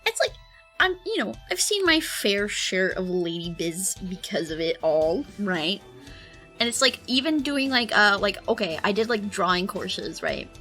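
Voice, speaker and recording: A woman's voice: mid-range voice, very animated, measured pace, sharp tone, soft background music, rough recording. A young woman streaming while she draws, chatting casually with lots of fillers, giggles and squealed reactions. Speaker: art streamer. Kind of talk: casual chat while drawing.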